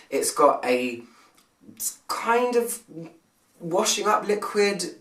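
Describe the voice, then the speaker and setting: A British man talks casually to camera, rambling and poking fun at himself. His voice sits at a middle pitch. The mic sits some way off in a roomy space, so the sound echoes. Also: a bit bright, far from the mic. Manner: chatty and self-mocking, with many fillers and restarts. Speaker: fragrance reviewer.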